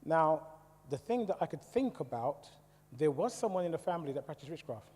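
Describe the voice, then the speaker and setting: Man, West Indies origin, church testimony, slightly high voice, mellow tone, long church echo. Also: very animated, a little fast, slightly rough. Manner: conversational, asks the audience questions. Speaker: church speaker. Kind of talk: testimony talk to a congregation. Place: church hall. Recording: long hall reverb.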